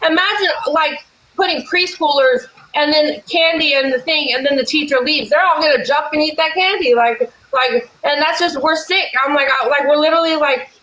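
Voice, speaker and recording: A woman in casual chat who talks fast and rambles, blunt and profane. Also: high-pitched, pushed and bright, echoey room, low-quality recording. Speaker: livestream guest.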